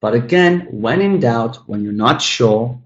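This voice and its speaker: A man teaching an English pronunciation lesson, speaking deliberately with frequent fillers and calling his listeners guys. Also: medium pitch, expressive, highs cut off. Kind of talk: classroom lesson on word stress.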